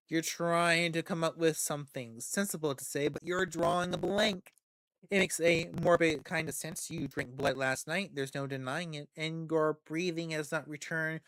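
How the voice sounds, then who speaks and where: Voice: medium pitch, moderate pace, a bit bright. A game streamer narrates a visual novel aloud, often tripping over words and repeating them, with casual asides in between. The voice sits in a middle register. The recording is dry and close, with no room echo.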